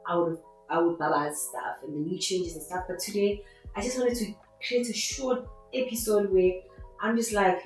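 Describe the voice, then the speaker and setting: Excitable woman, echoey room. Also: mid-range voice, normal speed. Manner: excitable and rambling, with faith-filled asides. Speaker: podcast host. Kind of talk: casual solo podcast monologue. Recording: very echoey room with faint music.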